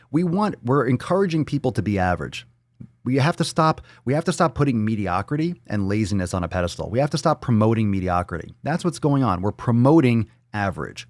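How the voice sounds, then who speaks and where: A man's voice: medium pitch, darkish tone, dry recording. A man hosting a daily livestream podcast, ranting in a fiery, profane way. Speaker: host.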